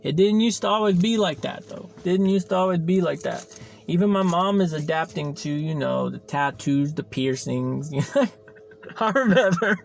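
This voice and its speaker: A man's voice: on the high side, normal speed, gravelly, a little mellow. A young man hosting a podcast, chatting casually and rambling, repeating himself and swearing freely. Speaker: podcast host. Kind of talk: casual solo chat.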